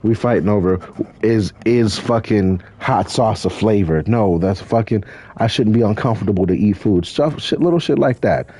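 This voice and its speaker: A young man talks in a loose, rambling way, full of slang and swearing, as he answers viewer questions during a gaming stream. His voice sits low and sounds soft and mellow. It also has a slightly husky grain. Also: normal speed. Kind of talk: casual Q&A chat while playing a driving game.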